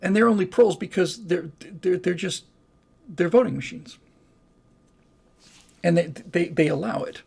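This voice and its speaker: Male livestream host, slightly high voice with heavy fry, rambling and chatty. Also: a little slow, pauses often, a little mellow. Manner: rambling, chatty, with many restarts and fillers. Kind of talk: casual livestream Q&A.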